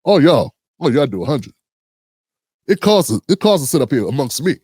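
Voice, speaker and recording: A man mimicking a smug middle-aged male preacher who demands money, in a slow, deep, smooth-talking swagger. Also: big pitch swings, darkish tone, no echo.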